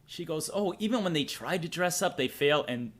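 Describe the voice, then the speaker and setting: A man's voice: on the high side, animated, moderate pace, a bit bright. A young man with a Boston accent, hosting a livestream and rambling to his chat, swearing freely as he goes. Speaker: streamer host.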